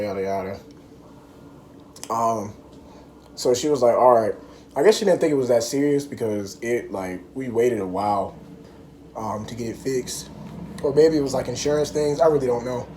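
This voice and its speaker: A man's voice: mid-range voice, moderate pace, mellow, slight background noise. A young man vlogging to camera, telling a story in loose, rambling casual chat full of fillers.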